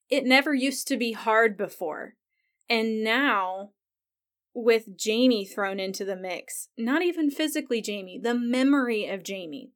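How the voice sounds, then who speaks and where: A woman hosting a podcast who talks casually about a TV episode, using "like" a lot and retelling scenes with feeling. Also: a little high. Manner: chatty, says "like" often, retells scenes with feeling. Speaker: podcast host. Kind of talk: casual TV recap commentary.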